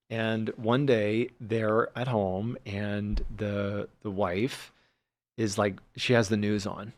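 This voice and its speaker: A man, a podcast guest, telling a story in a relaxed, casual way, filling his talk with fillers as he builds suspense. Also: fairly low pitch, slow, no room sound.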